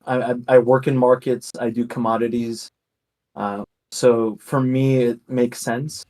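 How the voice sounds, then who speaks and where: A man chats casually as a guest co-host. He speaks in a relaxed, matter-of-fact way, with a middle-pitched, ordinary voice. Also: unhurried. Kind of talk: casual chat.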